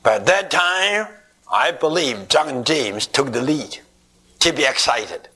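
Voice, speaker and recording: A man preaching a sermon, telling the story in a deliberate, emphatic way, from an archival recording. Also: mid-range voice, lively intonation, sharp tone, breathy edge. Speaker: Bible teacher.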